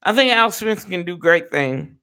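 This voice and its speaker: A man's voice: high voice, expressive, moderate pace, pushed and bright. A man hosting a sports fan show, ranting with fired-up, profane energy and talking to viewers as y'all. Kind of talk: live-stream rant.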